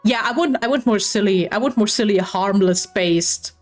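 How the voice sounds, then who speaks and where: A woman from Germany, chatting casually as a podcast host, excitable and swearing freely. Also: mid-range voice, moderate pace, soft background music. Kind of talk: casual chat.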